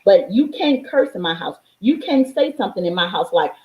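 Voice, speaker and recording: An adult woman, a life coach and mother of a young child, speaks directly to her viewers in a motivational vlog monologue. Her mid-range voice is expressive and moves at a moderate pace, her delivery emphatic and preachy, with repeated lines for stress and plenty of swearing. The recording is muffled and reverberant.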